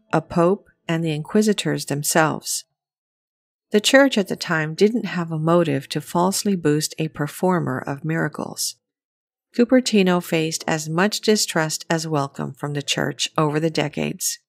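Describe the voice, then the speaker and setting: Woman, lowish voice, measured, documentary voice-over, dry close mic. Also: no room sound. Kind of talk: scripted documentary narration.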